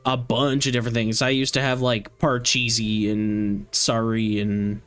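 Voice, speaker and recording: A man's voice: medium pitch, level tone, unhurried, a bit bright, faint music behind. A young man who streams games, chatting casually and rambling with lots of filler words. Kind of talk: casual chat while streaming a game.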